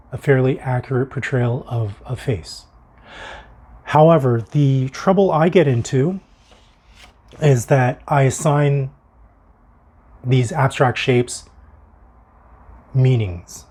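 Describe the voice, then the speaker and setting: A man with a slightly husky, breathy voice talks to the camera from his home art studio. He muses and thinks aloud, sometimes circling back to restart a sentence. His pitch sits in an ordinary middle range. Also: darkish tone. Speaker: art vlogger. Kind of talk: reflective solo video monologue.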